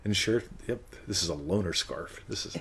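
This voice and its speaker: A man hosts a live Q&A show in a casual coaching style, chatting playfully, laughing often, and ending points with "right?" while slipping into silly character voices. His low voice has vocal fry and is a bit bright and slightly rough, at normal speed.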